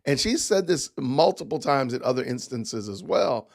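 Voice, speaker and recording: Middle-aged guy doing a loose livestream, rambly, keeps talking to the chat, normal pitch. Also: animated, moderate pace, vocal fry. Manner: rambling, talks to chat directly. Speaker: podcast host reacting to news clips. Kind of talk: casual livestream commentary.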